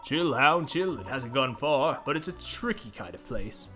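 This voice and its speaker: Man voicing a gruff stray dog, low drawl, game character, calls everyone hound. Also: lively intonation, normal speed, pushed and bright, faint music behind.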